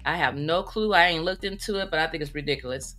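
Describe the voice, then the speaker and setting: A woman venting in a casual vlog, telling stories in an animated, exclamatory way with sudden high outbursts. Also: quick pace, faint music behind. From United States. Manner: animated, exclamatory storytelling with big pitch jumps. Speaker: vlogger. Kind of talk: casual rant to camera.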